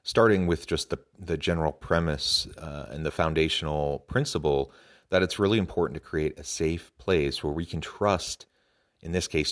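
A man hosting a podcast, talking earnestly and enthusiastically about a talk, with some fillers and restarts. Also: deep voice. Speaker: podcast host. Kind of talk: podcast commentary.

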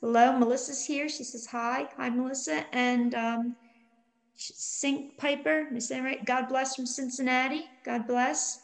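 A woman's voice: high-pitched, steady tone, unhurried, gravelly, rough recording. A middle-aged woman co-hosting a live online Bible study, reading scripture and viewer comments aloud with frequent ums. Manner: warm greetings, reads viewer comments aloud with many ums.

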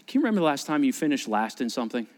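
Animated preaching man in a reverberant hall. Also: medium pitch, very fast. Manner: animated, acts out scenes, restarts words. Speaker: pastor. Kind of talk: sermon.

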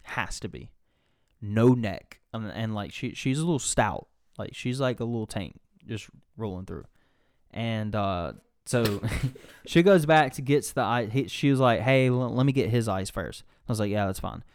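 A man's voice: lowish voice, expressive, measured pace, clear, resonant tone, no room sound, studio quality. A man telling a rambling story in casual podcast chat, full of "like"s. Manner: rambling, laid-back storyteller with many "like"s.

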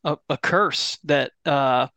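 Co-host, man, slightly high voice, relaxed and jokey, dry close sound. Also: takes it slowly, no room sound. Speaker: podcast co-host. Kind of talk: casual sports podcast chat.

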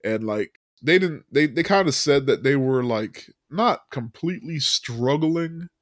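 A man's voice: mid-range voice, lively intonation, measured pace, no echo. Casting: male podcast host, casual rambling storyteller, laughs easily, dry close sound. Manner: loose storyteller, many fillers, laughs often. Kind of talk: casual movie recap chat.

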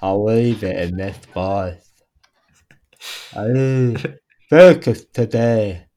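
A man reading aloud in a low, murmured put-on voice, slow and quiet. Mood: hushed.

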